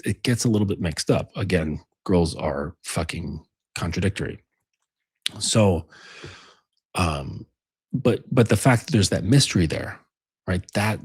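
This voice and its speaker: A man's voice: deep voice, a little mellow, slightly rough, no room sound. A man coaching on dating in a rambling, casual monologue, full of fillers and acted-out quotes. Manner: rambling, filler-heavy, acts out quoted lines.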